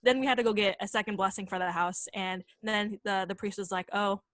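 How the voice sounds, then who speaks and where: A woman's voice: medium pitch, fairly even intonation, fairly quick, a bit bright, no room sound. A young woman from San Jose telling a ghost story casually on a podcast, chatty and full of fillers. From San Jose, California. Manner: chatty, many fillers and quoted voices. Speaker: podcast co-host.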